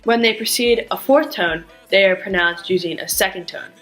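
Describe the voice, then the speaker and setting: A woman giving a scripted language lesson, speaking carefully and acting out sounds with exaggerated pitch swings. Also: fairly bright tone, faint music behind, rough recording. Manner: slow, careful, demonstrates tones with exaggerated pitch. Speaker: language teacher.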